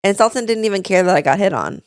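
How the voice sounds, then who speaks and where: A young woman co-hosting a podcast, telling stories in an animated, chatty way. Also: mid-range voice, fast talker, no room sound, studio quality. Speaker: podcast co-host. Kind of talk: casual chat.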